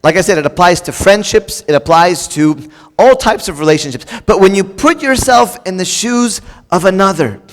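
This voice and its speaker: A middle-aged male pastor preaching a sermon, lively and casual, acting out quoted husbands and wives in raised voices. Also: sits high, moderate pace. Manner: animated, acts out quoted spouses in a raised voice. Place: church. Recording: long reverb of a church hall.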